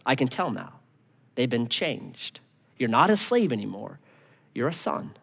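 A man preaching a sermon as pastor, conversational and animated, often dropping to a hushed near-whisper. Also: mid-range voice, a little slow, vocal fry, slightly rough, in a large hall.

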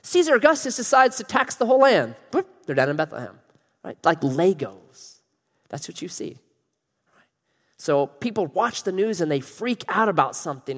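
A middle-aged male pastor preaches in a big hall with a long reverb trailing his words. His voice sits a bit high and swings widely in pitch as he jokes and acts out little quoted lines. He stays lively and conversational throughout. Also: normal speed. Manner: animated, joking, acts out quotes. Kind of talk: sermon.

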